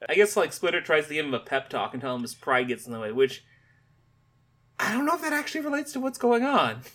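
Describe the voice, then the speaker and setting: A man's voice: fairly high pitch, big pitch swings, fast talker, sharp tone. Podcast co-host, man, casual, exasperated, filler-heavy delivery. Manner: exasperated, lots of "like", laughs often. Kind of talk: casual chat.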